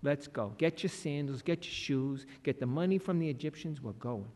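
A man voicing God as a kind, easygoing leader who talks in a casual, reassuring, low-key way. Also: normal speed, a little hiss or hum, natural voice. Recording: long reverb of a large hall.

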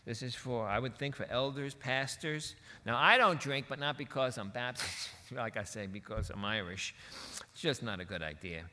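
A man preaching a sermon in a conversational, folksy way, dropping in quick voiced quotes and asides. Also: medium pitch, pushed and bright. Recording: long reverb of a large hall.

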